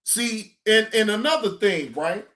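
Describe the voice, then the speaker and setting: A man's voice: sits high, lively intonation, measured pace, pushed and bright. A middle-aged man hosting a stream, ranting casually in a drawling, profane, emphatic way. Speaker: streamer host. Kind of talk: casual live-stream rant.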